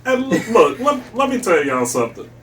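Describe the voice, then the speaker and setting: High-voiced dude ranting and cursing on a podcast, far from the mic. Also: male voice, big pitch swings, normal speed, a bit bright, slight background noise. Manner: blunt, profane, ranting. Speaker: podcast co-host. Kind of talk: casual opinion chat.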